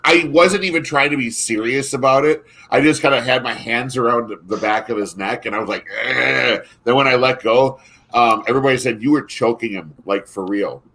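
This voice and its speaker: A man's voice: mid-range voice, normal speed, bright, forceful tone. A man co-hosting a casual chat, telling stories in a rambling way, with frequent restarts and laughs. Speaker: podcast co-host.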